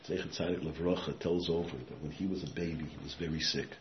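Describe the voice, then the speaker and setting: A very deep-voiced rabbi delivers a storytelling sermon at a fast clip, dropping to a hush before surging into loud, emphatic bursts and sprinkling Yiddish and Hebrew words throughout. The recording is muffled and echoey, with a faint hiss in the background.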